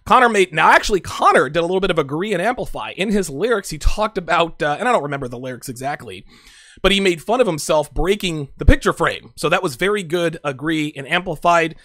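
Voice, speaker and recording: A man's voice: fairly high pitch, lively intonation, fast talker, pushed and bright, dry recording, clean studio sound. A man giving blunt, profane casual commentary on a TV show, talking straight to his viewers.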